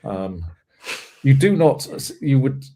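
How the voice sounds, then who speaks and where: A man's voice: medium pitch, big pitch swings, takes it slowly, mellow. A man hosting a live coding stream, chatting playfully and casually. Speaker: host.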